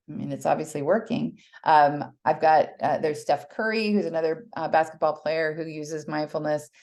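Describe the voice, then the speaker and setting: A middle-aged American woman giving a casual, earnest talk on teaching mindfulness to children, with many fillers and restarts. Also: sits low.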